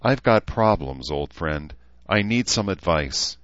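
A man's voice: low-pitched, animated, takes it slowly, a bit bright, no room sound, full character voice. Male reader doing a worn out lady leader, earnest, a bit sighing, dull-ish audio. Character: tired woman leader, worried and earnest. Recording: slightly dull recording.

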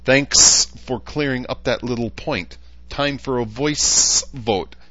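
Man voicing a wry council elder, dry, raised pitch, storybook audiobook. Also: pushed and bright, dry recording, lo-fi sound. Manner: dry and deliberate.

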